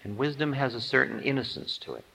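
A man's voice: medium pitch, quick pace, creaky, bright, forceful tone, in a large hall, poor audio. A man giving a spiritual lecture with playful, self-mocking humor, acting out voices as he tells stories. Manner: acts out quoted voices. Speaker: spiritual teacher.

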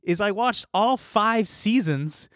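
A man co-hosting a casual podcast, talking fast and animated, with lots of swearing. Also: high-pitched, dry recording, clean studio sound. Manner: rapid, animated, swears a lot. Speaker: podcast co-host.

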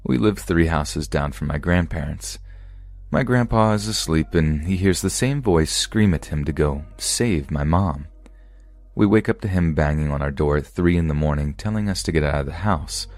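A man reading true scary stories aloud as a podcast narrator, in a calm, even storytelling delivery. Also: rumbling low, normal speed, no echo.

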